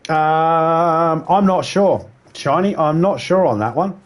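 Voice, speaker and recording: A man's voice: a little high, slow. An Australian man livestreaming, chatting casually with viewers in a rambling way, swearing freely and mimicking accents. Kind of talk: casual chat.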